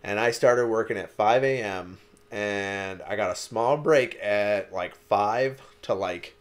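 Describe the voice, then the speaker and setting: Speaking slowly in a fairly low voice, a young Wisconsin man tells stories as a podcast co-host. The chat is casual, and his rambling is packed with "like" and swearing.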